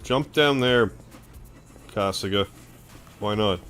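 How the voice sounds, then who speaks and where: Canadian man streaming, low voice. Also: a little slow, long pauses, soft background music. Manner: excitable outbursts, laid-back thanks. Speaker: game streamer. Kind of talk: casual gameplay commentary, thanking chat.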